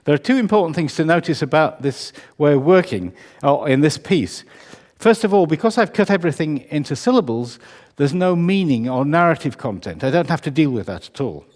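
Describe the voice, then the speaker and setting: A man's voice: fairly high pitch, animated, a little fast, darkish tone. UK man, composer's lecture, wry and chatty, hall reverb. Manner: conversational, wry, self-correcting. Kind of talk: public lecture. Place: concert hall.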